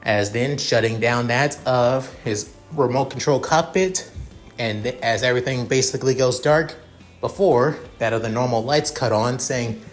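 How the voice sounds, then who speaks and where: A man's voice: mid-range voice, normal speed, faint music behind. A man improvising a fan fiction narration, rambling with many restarts.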